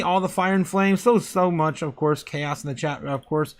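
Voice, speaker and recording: A man's voice: fairly high pitch, moderate pace. A man hosting a casual crypto livestream, greeting chat members by name, repeating himself and chuckling often as he reads the charts.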